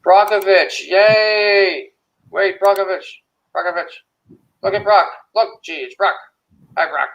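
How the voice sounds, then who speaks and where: A man's voice: high-pitched, a little slow, vocal fry, a bit bright, low-quality recording. Loose, profane livestream co-host man. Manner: loose, profane, greets viewers by name. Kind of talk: casual livestream chat.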